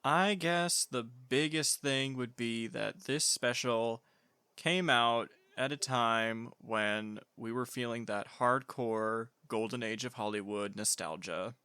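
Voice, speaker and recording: Bright-voiced man co-hosting a podcast. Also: mid-range voice, slow pace, clear, resonant tone, no echo. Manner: chatty, laughs often, trails off with fillers. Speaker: podcast co-host. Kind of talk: casual chat.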